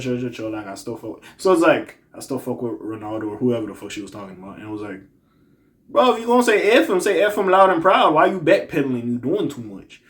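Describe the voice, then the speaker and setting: A man hosting a commentary channel, giving blunt, profane opinions in a casual rant that swings between muttering and loud outbursts. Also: medium pitch. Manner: blunt, profane, animated ranting with swings in loudness.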